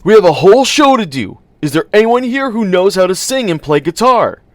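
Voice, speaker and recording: A man voicing a frantic young bandmate who yells high and urgent at a crowd. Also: big pitch swings, a little fast, no room sound, studio quality.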